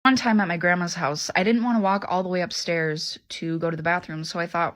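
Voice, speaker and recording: A woman tells an embarrassing childhood story in a sheepish, deadpan way. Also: medium pitch, a little fast, few pauses. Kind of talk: casual story time.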